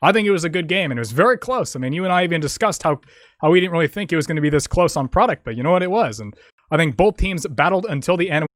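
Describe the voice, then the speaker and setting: A man giving steady, analytical color commentary as an esports caster, leaning on fillers. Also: on the high side, rapid-fire, no echo, clean studio sound. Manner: steady explaining, many fillers like kinda.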